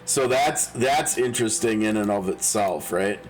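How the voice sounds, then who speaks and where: A man's voice: lowish voice, measured pace, music in the background, poor audio. A man casually commenting during a live game stream, thinking aloud, often chuckling and restarting his sentences.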